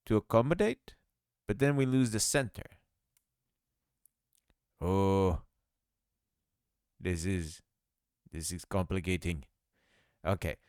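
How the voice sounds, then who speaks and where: Working through a relaxed screen-recorded game-making lesson, the man narrates his thoughts and pokes fun at himself with a laugh. His medium-pitched voice comes across clear and resonant. The recording is dry and studio quality.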